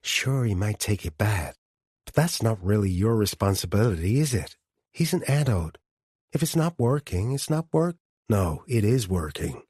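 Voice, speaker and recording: A man's voice: fairly low pitch, lively intonation, normal speed, darkish tone, husky, no echo, studio quality. A man voicing a blunt, teasing woman friend. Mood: reassuring. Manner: frank, teasing, reassuring. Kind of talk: audiobook character dialogue.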